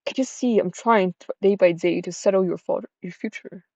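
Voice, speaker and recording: A woman's voice: mid-range voice, moderate pace, gravelly, dark tone, no room sound, highs cut off. A woman voicing a stern, bitter widowed mother who scolds her grown daughter harshly. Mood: scolding.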